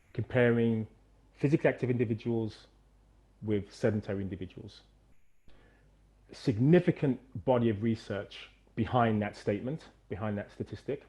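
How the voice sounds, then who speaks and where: Animated man coaching over a video call. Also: medium pitch. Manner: animated, coaching, strains loudly on repeated counts. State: out of breath after exercise. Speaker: movement coach. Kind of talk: energetic guided demonstration.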